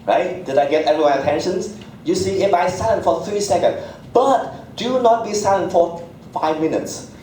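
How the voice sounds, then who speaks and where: A man's voice: high voice, moderate pace, dark tone, a little hiss or hum. Man lecturing in an echoey hall. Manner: speaks in short instructive phrases, non-native phrasing. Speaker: physician giving an interview workshop talk. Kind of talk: live workshop lecture. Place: large room at a community college. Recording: echoey hall recorded from far off.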